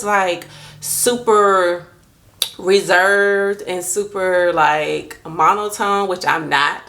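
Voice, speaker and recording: A young woman talking casually to her camera about faith and self-love, lively and expressive, jumping up in pitch when she quotes herself.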